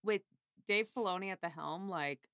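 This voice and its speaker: A woman co-hosting a fan podcast, excitable and laughing often in casual chat. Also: fairly low pitch, normal speed, no room sound. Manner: excitable, laughs often, lively ups and downs. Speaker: podcast co-host.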